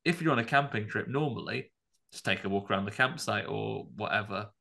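A man with a lowish, creaky voice and a sharp tone talks fairly quickly as he co-hosts a podcast. He rambles casually through a film review, cracking jokes and putting on voices when retelling scenes.

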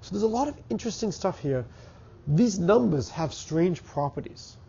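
A man's voice: high voice, expressive, moderate pace, gravelly, mellow, husky, dull audio. A middle-aged man with a Boston accent and a stuffy, congested voice, giving a university math lecture and thinking aloud with fillers and restarts. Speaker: math professor. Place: lecture hall.

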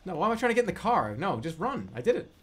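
A man's voice: high voice, big pitch swings, rapid-fire, husky. A man streaming a game, joking, repeating phrases and laughing often as he plays. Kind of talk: live gameplay commentary.

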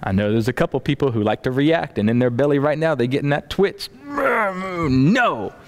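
A man's voice: mid-range voice, quick pace, a little mellow. A man preaching a sermon to a congregation, acting out everyday dialogue as he teaches. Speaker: pastor.

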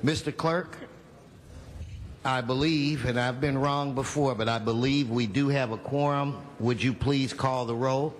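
A man chairing a city council meeting, joking easily between brisk procedural calls. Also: mid-range voice, steady tone.

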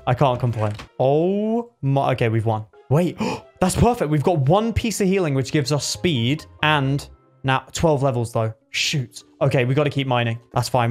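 A young man giving excited live commentary on a game he is playing. He talks to himself, yelps at close calls and laughs at his own plays. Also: medium pitch. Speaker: gaming video creator.

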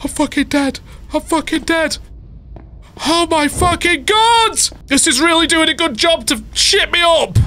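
A man's voice: very high-pitched, lively intonation, unhurried, pushed and bright, a little hiss or hum. A young man playing a horror game on video, panicky, swearing constantly and screaming. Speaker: gaming video host. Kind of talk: horror game let's play commentary. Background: game music.

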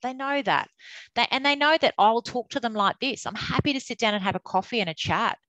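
A middle-aged woman, an umpires manager giving a candid, animated webinar talk. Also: a little high, a little fast, no echo, poor audio. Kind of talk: webinar presentation.

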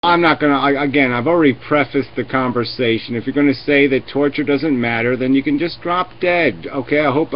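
A man's voice: medium pitch, a little hiss or hum. A man hosting a live video chat, ranting and swearing sarcastically as he argues with callers. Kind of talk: heated live debate. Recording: lo-fi webcam stream audio.

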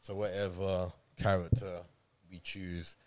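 A man's voice: deep voice, level tone, unhurried. A man co-hosting a film review podcast, laid-back and slangy in casual chat. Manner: laid-back, slangy, repeats "you hear me".

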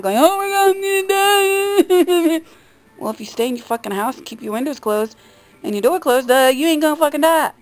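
A woman vlogging to her viewers in a casual, rambling way, blunt and quick to swear. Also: mid-range voice, a little mellow. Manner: chatty, addresses viewers directly. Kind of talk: casual chat to camera.

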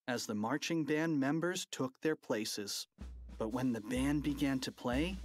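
A narrator reading a children's audiobook with an animated, playful delivery. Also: medium pitch.

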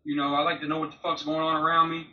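In a candid interview, a former prisoner in his forties tells his story bluntly and profanely, rambling in a fairly high, monotone voice at a rapid-fire pace. The remote audio is roomy, distant, and slightly dull.

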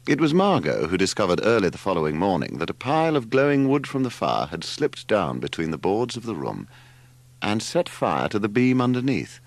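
Gravelly, expressive male storyteller. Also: fairly low pitch, a little fast, no echo. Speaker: audiobook narrator. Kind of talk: scripted narration.

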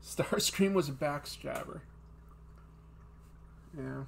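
A man's voice: fairly high pitch, slow, vocal fry, slight background noise. A man from the Boston area, hosting a casual chat while drawing and laughing at himself. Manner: self-mocking, laughs at his own jokes. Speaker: host.

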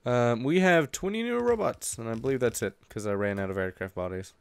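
A man chatting casually with a friend while playing a multiplayer factory game, excitable and quick to banter. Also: mid-range voice, gravelly, clear, resonant tone, dry recording. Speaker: co-host gamer.

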